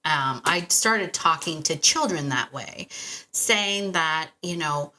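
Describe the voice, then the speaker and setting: A bright, forward-sounding woman hosting a casual podcast monologue into a stand mic in her home podcast room. She talks in an animated, chatty way and keeps breaking off into asides. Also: low voice, slow. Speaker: podcast host and dog trainer. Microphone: podcast microphone on a stand.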